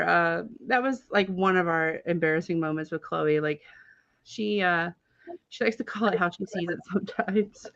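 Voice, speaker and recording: A woman hosting a live stream who tells casual stories in an animated, chatty way, with many filler words and frequent laughter. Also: on the low side, creaky, dry recording. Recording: dull, dry, lo-fi stream audio.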